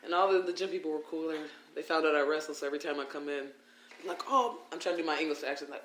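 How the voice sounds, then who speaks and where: A man guest, a wrestler, telling stories in a casual podcast chat and acting out the people he quotes. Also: fairly high pitch. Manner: animated, quick, acts out quoted voices. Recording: roomy with faint noise.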